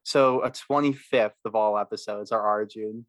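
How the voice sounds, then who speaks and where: A man co-hosting a podcast in casual chat, laid-back and quick to laugh. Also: fairly low pitch, steady tone, dry recording. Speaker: podcast co-host.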